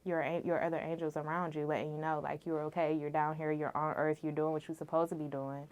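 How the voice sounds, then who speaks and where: A woman guest speaks. Her voice sits a little low for a woman. She talks in an earnest, reflective way, in a relaxed conversational flow. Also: fast talker. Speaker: guest, realtor. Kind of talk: casual conversation.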